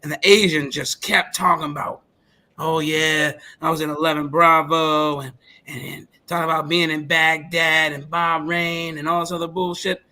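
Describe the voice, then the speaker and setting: A man in a casual podcast chat, telling a lively story with swearing and frequent laughs. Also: fairly high pitch, normal speed.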